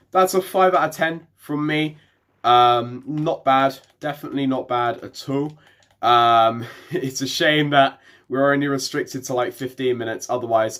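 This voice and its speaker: A man giving casual gameplay commentary while reviewing player builds, rambling and correcting himself often, with frequent ums and short laughs. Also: mid-range voice. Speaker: gaming YouTuber.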